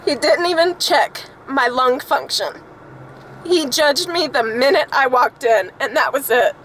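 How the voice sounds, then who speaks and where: Frustrated woman vlogger, somewhat high voice, ranting to her phone in the car. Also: measured pace, fairly bright tone, slight background noise, poor audio. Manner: exasperated, frustrated venting. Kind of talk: angry personal vlog rant.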